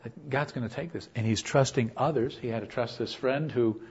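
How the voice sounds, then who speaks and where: A man preaches in an earnest, conversational way, telling a story and acting out the people in it. His voice sits at an ordinary pitch and is a little husky. The recording sounds dull and lo-fi. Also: brisk, a little mellow. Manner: earnest, conversational, acts out quotes. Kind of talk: storytelling sermon.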